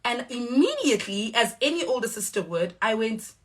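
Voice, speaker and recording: A young woman with a South African accent, giving a measured, firm statement straight to the camera. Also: a little high, sing-song. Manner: measured, firm, acts out quoted exchanges. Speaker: reality show cast member.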